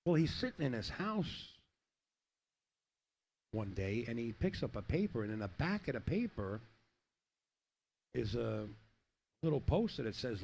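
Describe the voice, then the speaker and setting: This middle-aged man commentates a pool game casually, rambling and cracking jokes between shots. His mid-range, darkish, creaky voice is very animated, yet he keeps a measured pace with long pauses. Slight hiss or hum runs underneath.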